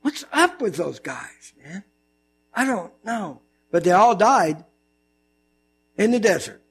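A man preaching with an animated, joking delivery, slipping into funny voices to act out the stories. His voice sits high for a man. A low mains hum runs under the recording. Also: slow, pauses often, breathy edge. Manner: animated storytelling, mimics voices, jokes. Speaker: pastor. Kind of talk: sermon.

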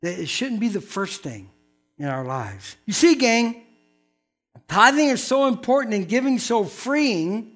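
A pastor preaching in church in a fairly high voice, spinning folksy stories and acting out both sides of each conversation. Soft music plays faintly underneath. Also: male voice, very animated, unhurried. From North Carolina. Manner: folksy storytelling, acting out dialogue. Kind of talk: sermon.

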